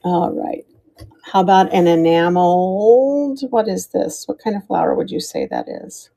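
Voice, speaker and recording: A woman's voice: on the low side, very animated, unhurried, creaky, dark tone. An American woman hosting a live jewelry sale, chatting casually as she shows pieces, calls out starting prices and thanks viewers by name. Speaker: live-stream jewelry seller. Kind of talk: live auction stream chat.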